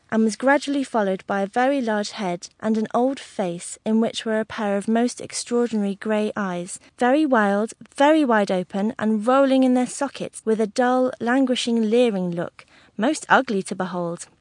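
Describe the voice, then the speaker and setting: A woman's voice: a little high, normal speed, no echo. Woman narrating an audiobook.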